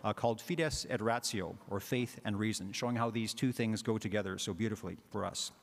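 A man's voice: fairly low pitch, a little fast, gravelly. A man, a parish priest, giving a conversational homily with frequent filler words. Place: church. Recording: long church reverb.

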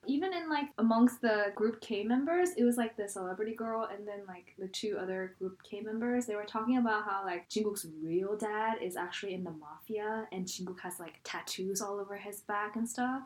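A woman's voice: medium pitch, a little fast, few pauses. Chatty young-sounding woman recapping. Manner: chatty, animated, frequent "like". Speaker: podcast co-host recapping a drama. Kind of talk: casual chat.

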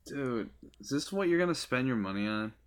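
A man's voice: medium pitch, animated, a little fast. A young man co-hosting a casual podcast, teasing his friends and joking around. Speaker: podcast co-host. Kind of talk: casual chat.

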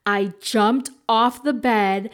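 A woman hosting a podcast, telling candid stories in casual chat with animated, frank delivery and free swearing. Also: fairly high pitch, takes it slowly. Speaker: podcast host.

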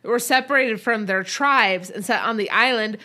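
A woman's voice: a little high, moderate pace, sharp tone. A woman co-hosting a podcast, casually recapping a reality show and acting out quoted lines with animation. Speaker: podcast co-host.

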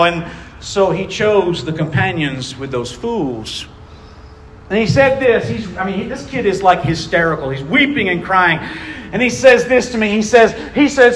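A man preaching a sermon, telling a story with animated, acted-out quotes that build in intensity. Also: high-pitched, normal speed. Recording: echoey hall.

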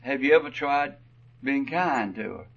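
A man voicing a calm, patient male counselor who gently coaxes a teenager, told as a story within a sermon. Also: mid-range voice, measured pace, vocal fry, echoey room, far from the mic, lo-fi sound. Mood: coaxing. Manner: gentle, coaxing.

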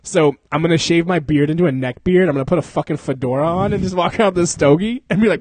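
A man's voice: fairly high pitch, quick pace, few pauses, a little mellow, dry recording. A young man co-hosting a podcast in casual chat, rambling and profane, laughing often and slipping into silly voices. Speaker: podcast co-host.

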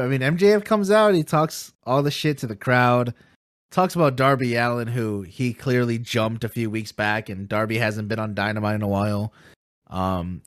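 A man co-hosting a casual wrestling podcast, relaxed and recapping matches in detail. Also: fairly low pitch, no echo, studio quality. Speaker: podcast co-host.

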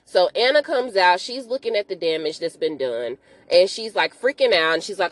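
A woman hosting a podcast, retelling a TV episode in a chatty, animated way full of slang and asides. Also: medium pitch, a little fast, no echo. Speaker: podcast host. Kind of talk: casual episode recap.

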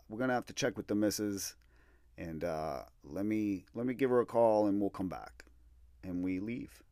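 Deep-voiced man telling a candid story. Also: no echo, studio quality. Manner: candid, animated storytelling with acted-out quotes. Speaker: podcast host. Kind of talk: storytelling monologue.

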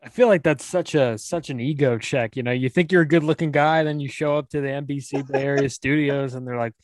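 A man's voice: mid-range voice, fairly quick, no room sound, clean studio sound. A man interviewing a guest casually, teasing and laughing easily.

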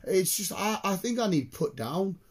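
A man, hosting a casual chat, excitable and sweary, breaking into laughter. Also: sits high, moderate pace, breathy edge.

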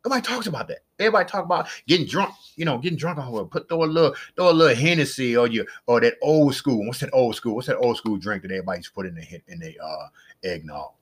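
Talking fast in a husky, mid-range voice, this middle-aged man hosts a casual solo podcast. He's chatty and meandering, says things more than once, and breaks into excited exclamations.

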